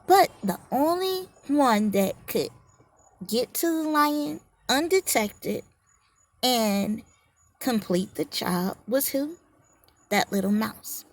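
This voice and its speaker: A woman's voice: a little high, expressive, slow pace. A woman educational consultant giving a leadership lesson, asking rhetorical questions, teasing her listeners and telling a fable. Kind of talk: motivational leadership lesson with storytelling.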